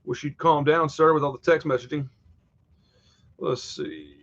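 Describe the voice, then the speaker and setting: A man's voice: fairly high pitch, unhurried, fairly bright tone, dull audio. A man hosting a horror live stream, chatting casually and wandering off topic from home. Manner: rambling, easily sidetracked, chatty.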